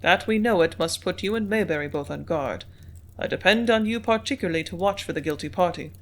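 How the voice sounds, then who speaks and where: A steady, businesslike male manager in an audiobook, measured and composed as he dictates. A reader voices him in a plain reading voice with a middle pitch. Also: close to an everyday voice. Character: business-minded company manager, man.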